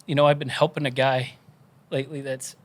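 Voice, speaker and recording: A man on a podcast telling his conversion story in an earnest, animated way, moved to tears. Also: mid-range voice, fairly quick. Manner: earnest, animated storytelling with quoted inner voices. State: tearful, crying. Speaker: podcast guest.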